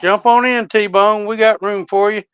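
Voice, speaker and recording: A man in a casual group voice chat who loudly welcomes people as they join. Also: high-pitched, fairly even intonation, measured pace, muffled recording.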